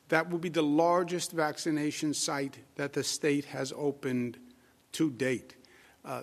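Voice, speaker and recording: Man, Queens accent, slightly high pitch, official press briefing, emphatic, repeats key phrases, frequent fillers. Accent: Queens New York. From Queens, New York. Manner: emphatic, repetitive, many filler "uh"s. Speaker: state government official.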